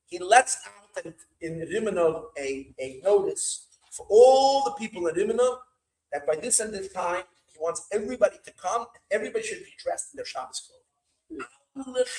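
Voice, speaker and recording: A rabbi telling a story at an evening gathering, animated and repetitive, slipping in Yiddish words. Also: male voice, high-pitched, roomy sound, low-quality recording.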